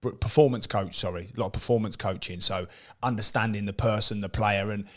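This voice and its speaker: A middle-aged man rattles through his stories at a quick clip, stumbling over repeated words and restarting his sentences. His voice sits on the low side. He co-hosts a relaxed podcast chat among former footballers.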